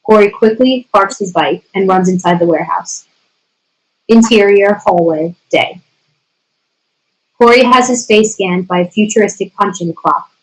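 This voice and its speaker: A woman's voice: medium pitch, measured pace, rough recording. A woman steadily reading the stage directions aloud at a screenplay table reading.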